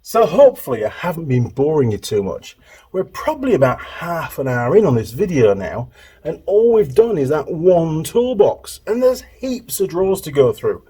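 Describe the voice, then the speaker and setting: His voice sits a little high but has a dark, slightly rough tone, and he's very animated at a moderate pace. This middle-aged UK mechanic, who runs a workshop YouTube channel, casually shows off his home workshop tools while rambling and correcting himself.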